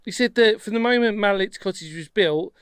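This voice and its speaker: Vlog host, male, high-pitched, dry close sound, rambling and full of fillers, talking outdoors on a cliff path. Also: brisk, clear, resonant tone, dry recording. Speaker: history vlog presenter. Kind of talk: casual chatty presenting.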